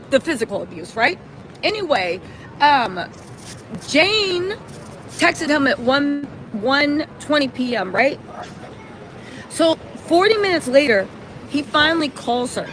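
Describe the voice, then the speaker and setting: A woman hosting a casual livestream from a city street, talking fast and emphatic, tagging "right?" onto her points. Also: high voice, pushed and bright, a little hiss or hum, low-quality recording. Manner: chatty, emphatic, many "right?" tags. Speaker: livestream host.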